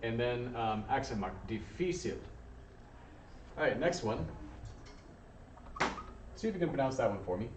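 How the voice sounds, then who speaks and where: A man teaching a Spanish lesson to a class, patient and encouraging, often pausing with ums and uhs. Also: mid-range voice, animated, background noise. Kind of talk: classroom lesson, calling on students. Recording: distant, echoey, dull room recording.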